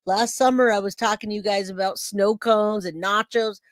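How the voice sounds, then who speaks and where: A middle-aged woman hosting a true crime livestream, chatting casually and telling a story with lively acted-out quotes. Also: medium pitch, moderate pace, no echo, studio quality. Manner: chatty, animated storytelling, acts out quoted voices.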